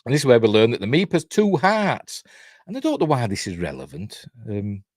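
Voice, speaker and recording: A man's voice: medium pitch, huge pitch swings, brisk, a little mellow, no echo, studio quality. An older man with a Yorkshire accent giving a casual, rambling watch-along review, chuckling often. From Yorkshire, England. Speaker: reviewer and channel host.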